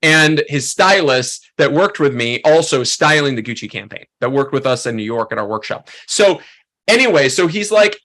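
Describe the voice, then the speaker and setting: A man in his thirties teaching a photography workshop, telling a story in a loose, animated way with lots of fillers. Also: a little high, moderate pace. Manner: animated, acts out quoted voices, many fillers. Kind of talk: casual storytelling to a workshop group.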